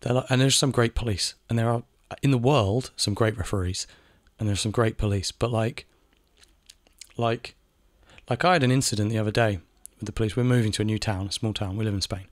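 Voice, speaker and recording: A man with a lowish voice delivers a casual spoken rant, circling back on his points and swearing when he gets heated. The sound is dry and close, with no room around it. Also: brisk, no echo. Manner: ranting, repeats phrases, swears. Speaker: video essayist. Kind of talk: casual monologue. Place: home in Spain.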